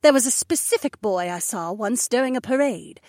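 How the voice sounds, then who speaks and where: A man voicing a poised young she-wolf duchess in an audiobook, gentle and reminiscing. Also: very high voice, lively intonation, moderate pace, no room sound, clean studio sound, pitched above the performer's own voice. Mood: amused. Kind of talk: audiobook character voice.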